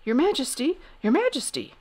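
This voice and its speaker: A woman's voice: high voice, lively intonation, slow pace, a little mellow, breathy edge, pitched above the performer's own voice, full character voice. A woman reading a storybook aloud and voicing a tired old male knight who calls out and counts breathlessly. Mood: weary.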